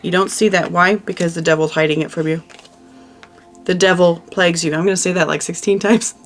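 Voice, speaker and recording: A woman's voice: on the low side, fairly even intonation, a little fast, faint music behind. A woman giving a casual tarot reading, chatty and emphatic, who often repeats her phrases. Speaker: tarot reader.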